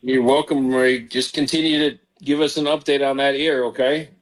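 A man's voice: mid-range voice, fairly even intonation, a little fast, poor audio. A man, a pastor, hosting a live call-in show, fervent and encouraging as he prays with callers.

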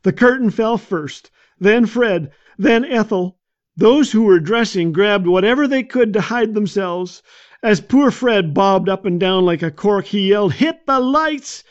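High-voiced man telling a funny story. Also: measured pace. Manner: anecdotal, gently comic. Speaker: radio devotional speaker. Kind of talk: humorous storytelling. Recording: dull lo-fi.

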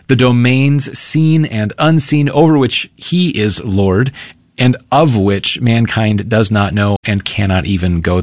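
A man's voice: mid-range voice, dry recording. Earnest male preacher, dry sound. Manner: earnest, measured, reads scripture aloud. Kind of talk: sermon.

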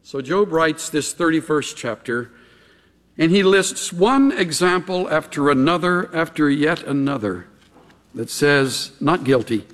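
Man, sermon, gravelly, slow dramatic delivery, loud to whispered, long hall reverb. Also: on the high side, animated. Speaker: pastor.

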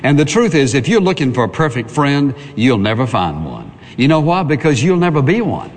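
A pastor giving an earnest sermon to a congregation and calling for amens. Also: male voice, medium pitch, big pitch swings, moderate pace. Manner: earnest preaching with call for amen. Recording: reverberant hall.

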